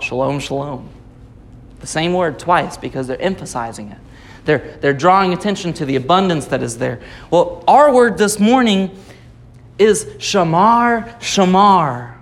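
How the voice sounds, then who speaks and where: A man preaching a Sunday sermon, explaining scripture patiently and repeating key phrases for emphasis. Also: high voice. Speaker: pastor.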